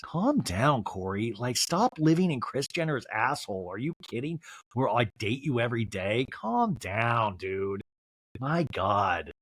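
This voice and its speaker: A man's voice: medium pitch, big pitch swings, a little slow, a bit bright, breathy edge, no room sound. A young man hosting a podcast, recapping a reality show with snarky, mocking humor. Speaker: podcast host. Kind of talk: comedic TV recap.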